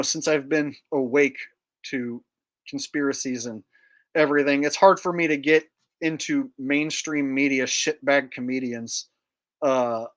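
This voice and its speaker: A man's voice: a little high, fairly bright tone. A man hosting his own channel and giving a casual commentary rant in a sneering, boastful tone, swearing freely. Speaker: channel host.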